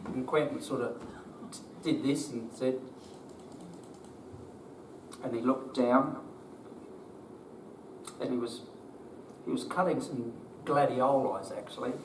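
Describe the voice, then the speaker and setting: A man's voice: mid-range voice, takes it slowly, pauses often, background noise. An older man with an Australian accent, a business owner telling a group his story in a plain-spoken, emotional way, with rhetorical questions. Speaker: business owner giving a talk. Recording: roomy, distant mic, faint background ambience.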